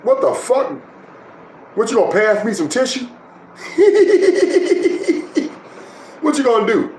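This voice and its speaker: A man delivers scornful, profane reaction commentary. His voice sits high for a man. The room rings with echo, and a faint ambience hums behind him. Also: expressive, a little fast, slight background noise.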